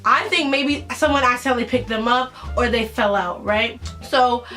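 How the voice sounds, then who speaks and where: A teenage girl telling a story from her school days to the camera, casual and animated. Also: fairly high pitch, moderate pace, distant mic, soft background music. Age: teens. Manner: animated, dramatic retelling with acted-out quotes. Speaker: vlogger.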